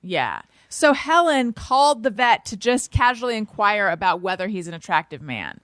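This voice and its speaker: A woman hosting a podcast, animated and quick to laugh. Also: mid-range voice, no room sound, studio quality. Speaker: podcast host. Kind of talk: casual podcast chat.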